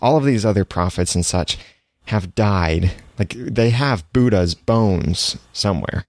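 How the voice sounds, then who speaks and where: A man's voice: fairly low pitch, unhurried, a little mellow, dry recording, studio quality. A man co-hosting a podcast, talking earnestly and reflectively about faith in casual chat. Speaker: podcast co-host.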